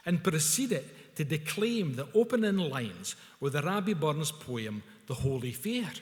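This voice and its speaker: A man's voice: a little high, lively intonation, a little slow, few pauses, long reverb tail. A man with a Scottish accent telling a story to an audience at a public event, using broad Scots words. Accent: Scottish, Scots dialect. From Scotland. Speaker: speaker at a culture event. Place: event hall.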